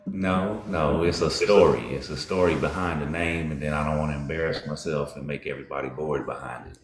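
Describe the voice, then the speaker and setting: A man in his forties calling in to a chat show, soft-spoken and humble, often trailing off. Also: a bass voice, steady tone, fairly quick, echoey room. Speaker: caller. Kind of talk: casual call-in chat.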